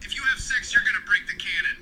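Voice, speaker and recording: A man's voice: high voice, lightly acted. Guy doing bossy rule-obsessed spider leader from a meme cartoon, preachy, lots of noise. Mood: stern. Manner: lecturing, indignant, fast. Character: stern bossy male spider leader, uptight rule-keeper. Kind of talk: fan meme animation voice.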